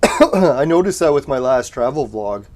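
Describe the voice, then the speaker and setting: A man on a casual live stream chatting from his home setup, laid-back and quick to swear and laugh. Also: medium pitch, sing-song, darkish tone. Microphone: desk mic through a soundboard.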